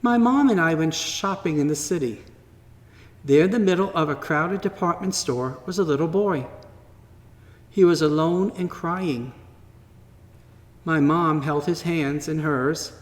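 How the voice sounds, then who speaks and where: A man slowly and gently reading a children's story aloud at church, in a wondering tone with pauses. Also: fairly high pitch. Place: church sanctuary. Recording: long reverb from a large hall.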